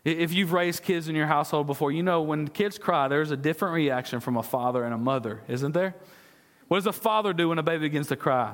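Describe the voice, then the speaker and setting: A man's voice: on the high side, quick pace, in a large hall. A man preaching a sermon as pastor, earnestly asking his congregation questions and sometimes stumbling over repeated words. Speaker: discipleship pastor. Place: church sanctuary.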